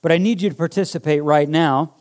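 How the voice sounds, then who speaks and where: A male pastor in full sermon mode, fervent and emphatic. He stacks up repeated lines to drive home each point and leads the room in call-and-response. His voice sits somewhat high for a man. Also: steady tone, fairly quick, a little mellow. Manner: emphatic, building to fervent repetition.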